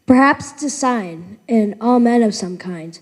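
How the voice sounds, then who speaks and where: A woman plays a musing villager, wry in her delivery. Her voice sits a little high and echoes in a church sanctuary. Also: expressive, a little slow.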